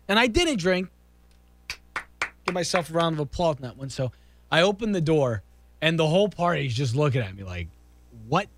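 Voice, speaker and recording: A man's voice: a little high, fairly bright tone, dry recording. A man casually telling a story, acting out quotes and restarting sentences.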